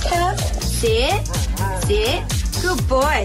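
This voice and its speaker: A woman's voice: high-pitched, animated, moderate pace. A woman coaxing a dog in a sing-song, baby-talk voice. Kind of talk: talking to a dog. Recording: music bed under voice.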